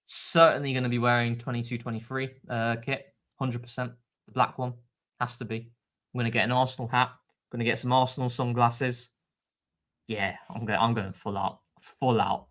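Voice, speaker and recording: Casting note: man, animated fan-show co-host, mid-pitched, quick to laugh. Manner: animated, excitable, laughs often. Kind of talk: casual live-stream chat.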